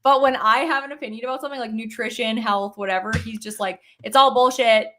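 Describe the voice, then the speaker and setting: A woman's voice: fairly high pitch, fairly even intonation, fast talker, sharp tone, slight background noise. A woman chatting casually on a podcast, full of fillers and acting out quoted lines. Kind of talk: casual chat.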